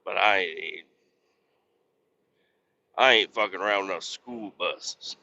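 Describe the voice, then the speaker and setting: Deep and full of vocal fry, this podcast host's voice takes its time, with a sharp tone beneath the muffled recording. He drives a truck while rambling casually through stories peppered with cussing.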